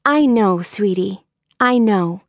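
A woman narrator voicing a brash, teasing young woman friend in a much higher, playful voice. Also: expressive, takes it slowly, no room sound. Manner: playful, mocking.

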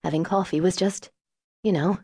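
A fragile, grieving Southern society wife, tearful and quavering, as a woman narrator voices her. The voice sits higher than the reader's own low, mellow tone. Recorded close and dry for an audiobook. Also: fairly even intonation, moderate pace, husky, dry recording.

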